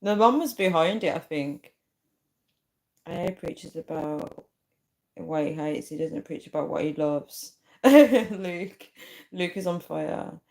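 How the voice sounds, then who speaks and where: Slow and creaky, her somewhat low voice is a little mellow, with lively intonation. The young woman is hosting a livestream, casually rambling through viewer comments and frequently dissolving into giggles.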